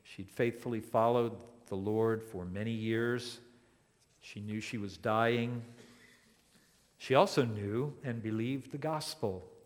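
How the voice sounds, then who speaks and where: A man preaching a sermon as a pastor, speaking deliberately and building to emphatic declarations. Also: fairly low pitch, big-room sound. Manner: slow and deliberate, rising to emphatic.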